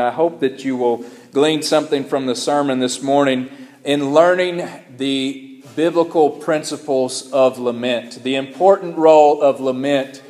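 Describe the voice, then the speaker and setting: A man's voice: medium pitch, a little mellow. A man preaching a sermon, earnest and searching, often repeating words and restarting phrases as he explains scripture. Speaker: pastor.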